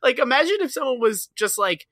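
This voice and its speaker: A man co-hosting a podcast, recapping a sitcom episode in animated, profane casual chat. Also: very high voice, brisk, no echo, studio quality. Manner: animated, profane, acts out characters. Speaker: podcast co-host.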